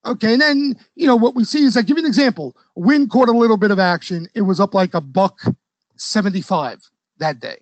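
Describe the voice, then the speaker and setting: A man's voice: sits high, animated, a little fast, no echo, dull audio. A man hosting a casual trading session for a live audience, talking loosely with trader slang and often checking in with "okay?". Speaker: stock trading educator and host.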